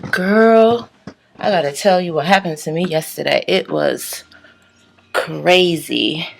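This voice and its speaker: A woman casually telling her side of a story, animated, acting out her own quoted lines and swearing freely. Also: lowish voice, takes it slowly, creaky, slight background noise.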